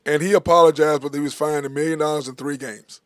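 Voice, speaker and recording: A man hosting a casual sports talk show, animated and rambling, laughing often and filling his talk with "uh" and "I mean". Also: a little high, fast talker, no room sound, clean studio sound.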